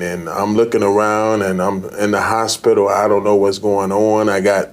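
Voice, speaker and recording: A man, a pastor, telling in an interview how he came out of a coma, halting and repeating words earnestly. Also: fairly low pitch, flat delivery. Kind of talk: interview guest recounting illness. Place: TV studio.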